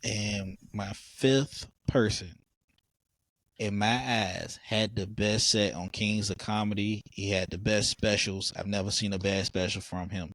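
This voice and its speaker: Excitable storytelling host, dry close mic. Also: male voice, lowish voice, a little slow, no room sound. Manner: animated storyteller, excitable, stumbles over words. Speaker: podcast host. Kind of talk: casual interview chat.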